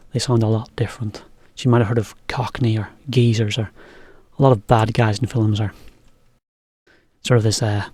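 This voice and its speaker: Mellow-voiced man teaching English casually. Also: fairly low pitch, no room sound. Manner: relaxed, chatty, explains as he goes. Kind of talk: casual video lesson.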